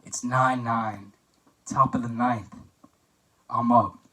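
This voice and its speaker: Young guy, best-man toast for a class, joking and rambling, bright voice, mic at a distance. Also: mid-range voice, fairly even intonation, slow. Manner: chatty and joking, with filler words and anecdotes. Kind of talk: mock wedding toast for a class assignment.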